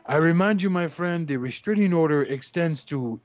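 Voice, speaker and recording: Guy doing a mock-serious advice persona, slow and teasing, muffled lo-fi sound. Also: on the high side, lively intonation, close to an everyday voice. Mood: mock-stern. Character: Sancho, a mock advice-giving male persona.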